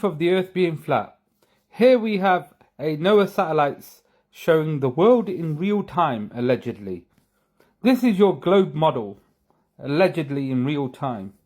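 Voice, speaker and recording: A man's voice: on the high side, lively intonation, unhurried, a little mellow. Sarcastic man narrating a screen share. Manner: sarcastic, mocking. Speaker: video host.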